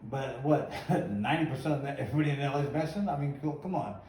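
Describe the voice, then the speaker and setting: A man's voice: medium pitch, fast, a little mellow, a little hiss or hum. Rambling middle-aged man in an echoey room. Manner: rambling, acts out quotes. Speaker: host, former boxer. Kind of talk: casual storytelling chat. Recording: echoey room, mic at a distance.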